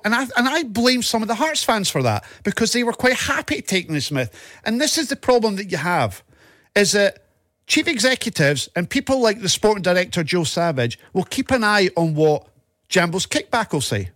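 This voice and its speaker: A man's voice: high voice, very animated, brisk, fairly bright tone, dry recording, studio quality. A Scottish man co-hosting a casual football podcast, ranting and swearing with heated passion. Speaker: podcast co-host.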